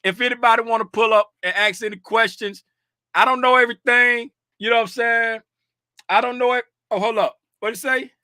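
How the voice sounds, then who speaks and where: A man from Florida hosting a trading livestream, greeting his chat by name in an animated, casual way with bursts of laughter. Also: very high-pitched, a little fast, no room sound, studio quality. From Fort Lauderdale, Florida.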